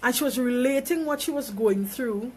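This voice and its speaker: A woman's voice: fairly high pitch, normal speed, a little hiss or hum. A woman talking on a phone live stream, giving an emphatic, preachy motivational monologue and repeating phrases for effect. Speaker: small business owner.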